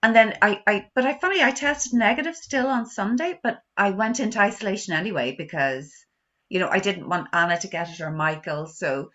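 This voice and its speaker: A bright, chatty woman telling a story with frequent laughter over a video call. She is getting over covid. Her voice comes through dull and lo-fi. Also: mid-range voice, expressive, a little fast. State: recovering from covid. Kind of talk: casual video call chat. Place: son's bedroom at home.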